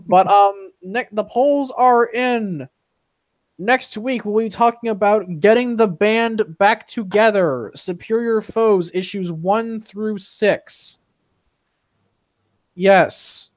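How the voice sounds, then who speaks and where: A young man hosts a loose, casual stream, his voice sitting a little high. He rambles, swears freely and leans on fillers. The sound is dry, with no room echo around it. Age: young adult. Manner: profane, rambling, full of fillers. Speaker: stream host. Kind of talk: casual chat.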